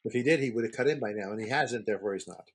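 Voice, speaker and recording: Male co-host, husky mid-range voice, rapid teasing banter. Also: on the low side. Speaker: podcast co-host. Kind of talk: casual chat.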